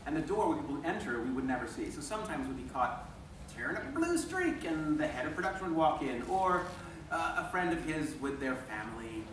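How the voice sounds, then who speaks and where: Animated man telling panel stories in a hall. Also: on the high side, brisk. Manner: animated, laughing, acting out quotes. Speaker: voice actor on a convention panel. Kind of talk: storytelling at a convention panel. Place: convention panel room. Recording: echoey hall recorded from far off with room noise.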